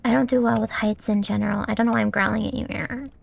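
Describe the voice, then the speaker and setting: A woman's voice: medium pitch, steady tone, fast, vocal fry. A young woman streamer giving casual gameplay commentary, swearing often and scolding the game character.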